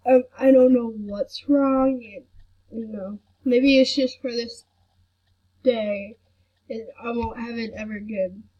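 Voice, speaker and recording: Sick young-sounding woman vlogger, slightly high, slow soft rambling delivery. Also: steady tone. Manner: soft-spoken, rambling with many fillers. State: sick with a headache. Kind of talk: casual chat to camera. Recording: dull lo-fi recording.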